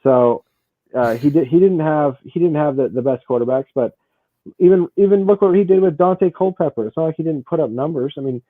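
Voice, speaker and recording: A man co-hosting a sports podcast, rattling off numbers fast and repeating his words as he argues. His voice sits a little high. The sound is dry and tinny, like a phone line. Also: no room sound. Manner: talks fast, repeats words, stacks stats. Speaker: podcast co-host. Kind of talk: casual sports debate.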